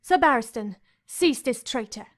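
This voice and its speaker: A woman voicing a cold, scornful queen in an audiobook, speaking haughtily with a raised pitch. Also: animated, normal speed, a bit bright. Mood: commanding. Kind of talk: audiobook character voice.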